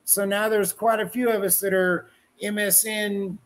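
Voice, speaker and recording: A man's voice: high voice, level tone, unhurried. A middle-aged man from Colorado, a wrestling journalist, chatting on a podcast in a rambling, folksy, profane way. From Colorado, USA. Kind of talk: casual podcast chat.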